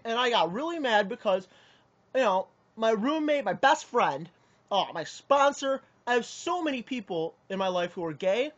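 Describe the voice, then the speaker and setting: A man's voice: high voice, animated, normal speed, fairly bright tone. Indignant young man, muffled lo-fi audio. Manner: rambling, indignant retelling with many restarts. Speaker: card game player. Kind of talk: personal account to camera.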